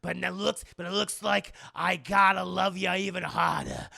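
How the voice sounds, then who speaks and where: A man's voice: high voice, steady tone, normal speed, vocal fry, sharp tone, dry recording, studio quality, exaggerated voice. A man voicing a crude, gluttonous male demon clown with a taunting, sneering way of talking.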